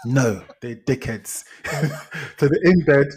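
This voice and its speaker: A man retelling a film plot in casual podcast chat, animated and exasperated, with frequent restarts. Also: mid-range voice, slow. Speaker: podcast host, film reviewer.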